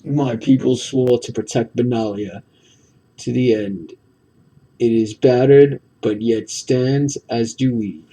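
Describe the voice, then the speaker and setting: A man voicing a solemn veteran knight who vows to defend his homeland, in a low, gravelly put-on accent. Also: steady tone, slow, dark tone, far from the mic, poor audio.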